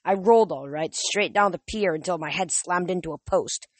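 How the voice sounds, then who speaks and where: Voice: mid-range voice, moderate pace, fairly bright tone, no echo. A reader narrating a young adult novel aloud in a casual, unpolished way, often stumbling and restarting words. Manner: casual, with frequent slips and restarts. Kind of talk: audiobook reading.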